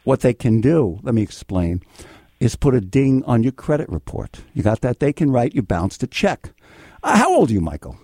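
An older man hosting a call-in legal advice radio show, blunt and excitable, swinging between yelling and calm. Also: medium pitch, moderate pace, husky, no echo, studio quality. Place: radio studio.

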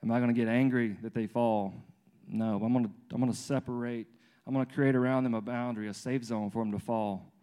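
A man's voice: mid-range voice, brisk, smooth. A man in his thirties preaching in an informal, conversational way, telling family stories with many restarts and fillers. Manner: lively storyteller acting out his toddler and himself. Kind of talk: conversational sermon with personal stories.

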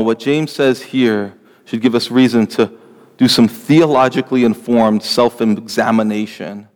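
Male pastor, mid-pitched and earnest, preaching with a long hall echo trailing his words. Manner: earnest, pleading, rising emphasis on lists. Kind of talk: sermon.

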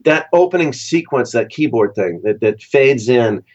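A lively man from Southern California spins stories as an interview guest, his pitch jumping high whenever he acts out what people said. The audio is dull and lo-fi. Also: normal speed. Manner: animated storyteller, acts out quoted voices with big pitch jumps. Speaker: session musician guest. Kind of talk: casual storytelling interview.

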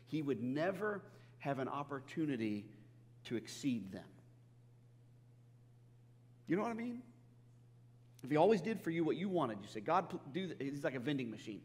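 A man's voice: on the high side, big pitch swings, brisk, pauses often, in a large hall. A man preaching a sermon, in an earnest, conversational style, often restarting his phrases and acting out what people say. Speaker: pastor.

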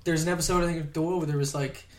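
Man, fairly high voice, casual podcast guest, rambling, laughs a lot, swears casually. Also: fairly even intonation, very fast, darkish tone. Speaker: podcast guest, props worker. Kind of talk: casual chat.

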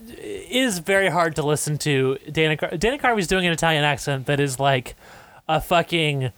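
A man co-hosting a podcast in casual chat, talking in an animated way with frequent laughs and casual swearing. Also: on the high side, normal speed, no echo. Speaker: podcast co-host.

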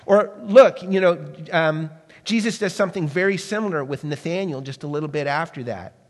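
A man's voice: fairly high pitch, normal speed, big-room sound. A man preaching a sermon, asking the listeners questions and sometimes dropping his voice to a near-whisper. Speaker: pastor.

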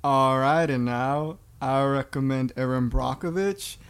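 A man putting on a slow, drawling Southern woman's voice as a joke impression. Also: mid-range voice, slight background noise, voice pushed up, natural voice.

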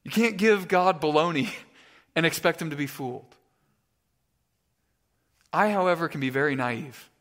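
Stammering, chatty pastor in a reverberant hall. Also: male voice, on the high side. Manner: conversational, stammering restarts, animated storytelling. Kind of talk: sermon. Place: church sanctuary.

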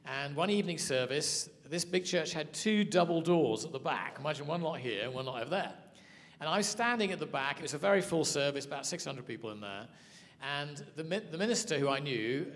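A man teaching a sermon, telling stories in an animated way. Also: fairly high pitch. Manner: storytelling, animated. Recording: hall reverb.

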